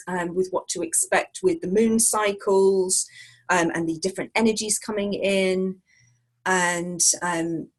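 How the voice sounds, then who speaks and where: Husky woman chatting animatedly. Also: mid-range voice. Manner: animated, laughs often. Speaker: psychic, guest. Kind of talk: casual interview chat.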